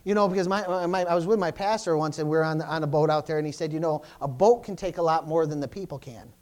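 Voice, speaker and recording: In church, a pastor preaches to the congregation at a quick pace, with a medium-pitched, slightly mellow voice. Phrases often get restarted, and the pastor calls out "amen?" and "praise the Lord."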